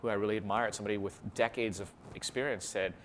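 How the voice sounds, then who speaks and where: A man being interviewed as a guest, a comedian and mentalist telling lively anecdotes in casual chat and laughing easily. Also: fairly low pitch, quick pace, a little hiss or hum. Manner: animated storyteller, laughs easily.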